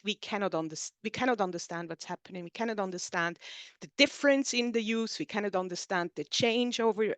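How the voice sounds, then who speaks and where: A woman's voice: medium pitch, dry recording. German-native woman lecturing over a call. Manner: explanatory, builds points in lists. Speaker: author presenting her book. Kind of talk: online seminar talk. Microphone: video call.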